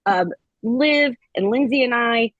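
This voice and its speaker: A woman event organizer giving casual, relaxed thank-you remarks, with frequent fillers. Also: fairly high pitch, unhurried, no room sound, muffled recording.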